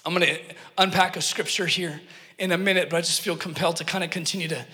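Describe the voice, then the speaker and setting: Male preacher, high and bright, earnest storyteller, in a reverberant church hall. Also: steady tone, fast. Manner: earnest, emphatic, joking asides to the congregation. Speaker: pastor. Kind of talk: sermon with personal storytelling.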